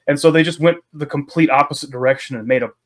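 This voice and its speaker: A man's voice: fairly high pitch, fast talker. A man chatting casually with fellow tabletop players, enthusiastic and explaining things at length. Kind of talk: casual chat between game sessions.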